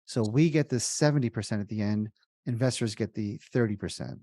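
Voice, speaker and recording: Lively storytelling man, dry close sound. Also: fairly low pitch, a little fast, dry recording. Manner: lively storyteller who acts out dialogue. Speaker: guest, real estate investor. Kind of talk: casual interview talk.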